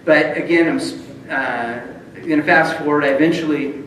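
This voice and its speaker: A man's voice: fairly high pitch, normal speed, fairly bright tone. A middle-aged man, an honored judge, telling self-deprecating stories in a banquet speech, chuckling often and restarting his sentences. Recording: very echoey hall, distant mic, room noise.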